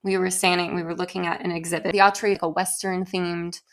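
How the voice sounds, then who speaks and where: Gravelly-voiced wry woman co-host. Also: lowish voice, flat delivery, fast. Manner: dry, wry humor. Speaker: podcast co-host. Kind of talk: casual chat.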